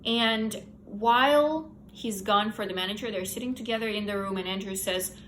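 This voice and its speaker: A woman's voice: mid-range voice, moderate pace, fairly bright tone, a little hiss or hum, poor audio. A young woman casually recapping a novel's plot in her own words, candid and opinionated. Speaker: book reviewer. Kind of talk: casual book review chat.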